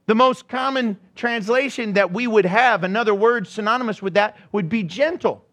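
A high-pitched man preaching a fervent sermon. He drops to near-whispers, then surges into shouted emphasis and acts out little voices along the way. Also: moderate pace. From United States. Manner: dramatic, acts out voices, swings from soft to shouting. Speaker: pastor.

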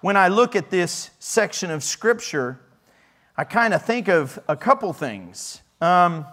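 High-voiced man preaching a lively sermon. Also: a little slow. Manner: casual, joking preaching with frequent laughs; animated swings in pitch and loudness. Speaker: pastor.

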